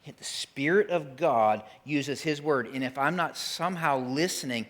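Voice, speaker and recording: A middle-aged pastor preaches a sermon in church, his voice fairly high and fairly bright. He speaks conversationally and emphatically, acting out quick voices as he goes.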